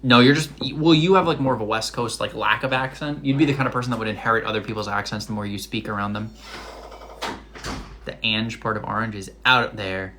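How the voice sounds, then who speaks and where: A young man from Massachusetts with a Rhode Island accent chats casually on a live stream from his home kitchen, with background noise audible. His voice is on the low side and fairly quick, and his chatty talk is full of likes and other fillers.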